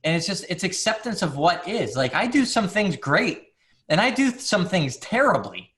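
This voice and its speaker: Male guest, psychologist; candid, loose conversational delivery, slightly raised pitch. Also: very animated, normal speed, a bit bright. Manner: candid, many fillers and restarts. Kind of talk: casual conversation.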